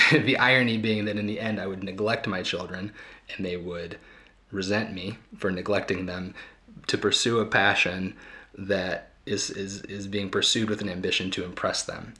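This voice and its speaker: A man hosting a reflective talk, a therapist speaking earnestly to his audience and pausing often to find his words. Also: deep voice, bright, forceful tone. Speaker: host and therapist.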